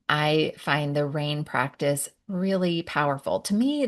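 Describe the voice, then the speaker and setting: A woman who works as a parenting coach and therapist, giving a gentle, reflective podcast talk that explains each step and pauses to sigh between thoughts. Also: deep voice, creaky.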